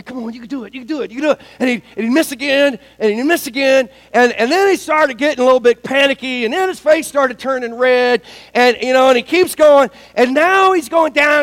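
A man preaching a sermon, telling a story in an animated, joking way and acting out the scenes. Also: extremely high pitch, low-quality recording. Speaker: pastor.

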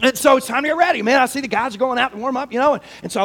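High-voiced preacher telling a lively story. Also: male voice, very fast, gravelly, hardly any pauses. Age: 40s. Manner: animated, shouting at story peaks. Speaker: pastor. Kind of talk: sermon with personal storytelling.

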